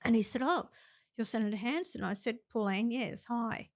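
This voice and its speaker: A woman's voice: fairly high pitch, normal speed, dry recording. An older Australian woman, a senator and podcast guest, giving earnest, plain-spoken advice and telling stories from experience. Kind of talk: interview conversation.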